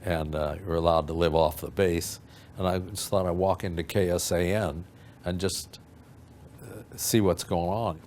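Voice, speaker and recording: Deep-voiced older man telling stories. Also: steady tone, moderate pace, a little mellow, slight background noise. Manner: rambling, acts out quoted voices, frequent fillers. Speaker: interview guest. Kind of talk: anecdotal storytelling.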